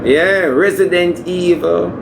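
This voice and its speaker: A man playing a brash, demanding Jamaican woman in a comedy skit, talking in loud patois banter that moves between scolding and wheedling. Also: high-pitched, steady tone, takes it slowly, creaky, noisy background, heavily acted. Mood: flirtatious.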